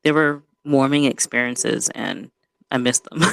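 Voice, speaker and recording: A woman co-hosting a podcast in casual chat, talking in a relaxed, unhurried way with frequent laughter and slangy asides. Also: extremely low pitch, gravelly, no room sound. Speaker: podcast co-host.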